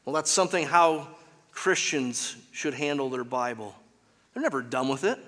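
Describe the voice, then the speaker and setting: A man's voice: medium pitch, expressive, normal speed, a bit bright, big-room sound. A man preaching a sermon as pastor, with an emphatic, repetitive cadence, recorded in a church.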